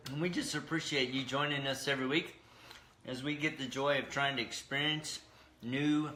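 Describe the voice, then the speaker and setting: A man's voice: mid-range voice, fairly even intonation, moderate pace, bright, forceful tone. Easygoing jokey man in an echoey kitchen. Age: middle-aged. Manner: easygoing, jokey, laughs often. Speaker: co-host. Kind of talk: casual cooking vlog chat. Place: home kitchen.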